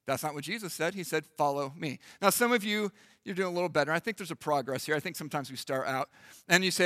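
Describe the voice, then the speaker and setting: A man preaching in church, lively and animated, acting out little voices for the congregation. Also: high-pitched, quick pace, no echo, studio quality, in a large hall. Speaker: pastor. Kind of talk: sermon. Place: church hall.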